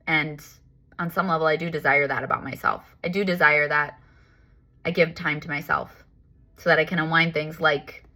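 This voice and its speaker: A woman talks through her spiritual practice in an easy, personal monologue. Her voice sits fairly low yet sounds bright and forceful, and she leans on repetition and emphatic self-talk. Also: fairly even intonation, normal speed. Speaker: spiritual life coach. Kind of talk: casual reflective self-help monologue.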